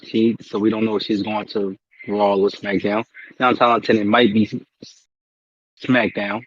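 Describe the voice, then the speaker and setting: A man's voice: on the low side, little pitch movement, moderate pace, slightly rough, no room sound, dull audio. A man co-hosting a casual wrestling podcast, talking in blunt slangy banter and repeating himself. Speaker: podcast co-host. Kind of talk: casual chat.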